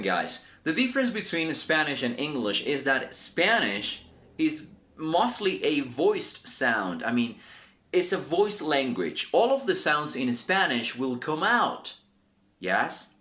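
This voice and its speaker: A man's voice: on the high side, big pitch swings, measured pace, pushed and bright. A man teaching an online English pronunciation lesson. He is upbeat and encouraging, talks straight to his viewers, and stretches and repeats sounds to show them.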